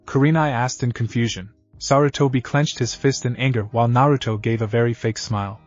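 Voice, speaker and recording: A man narrating a scripted fan-fiction story in an even, read-aloud manner. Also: medium pitch, brisk, hardly any pauses, muffled recording, faint music behind.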